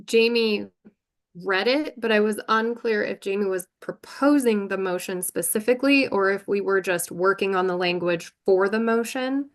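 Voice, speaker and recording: A woman's voice: medium pitch, normal speed. A woman chairing a virtual board meeting, talking through procedure carefully and thinking aloud.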